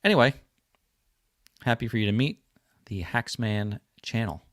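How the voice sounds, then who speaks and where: A man's voice: fairly low pitch, measured pace, dry recording, clean studio sound. A man from New Jersey hosting a casual livestream, chatting loosely with lots of fillers. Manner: rambling, friendly, lots of fillers. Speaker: livestream host.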